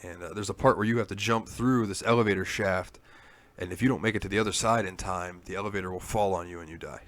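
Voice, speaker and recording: Brief: male podcast co-host, somewhat low voice, loose rambling storyteller who cusses. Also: quick pace. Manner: rambling storyteller, swears freely. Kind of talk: casual chat.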